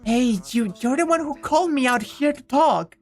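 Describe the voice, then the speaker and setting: A woman voicing an earnest teenage boy hero in a visual novel read-aloud, in a slightly lowered, thoughtful narrating voice. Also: moderate pace, faint music behind.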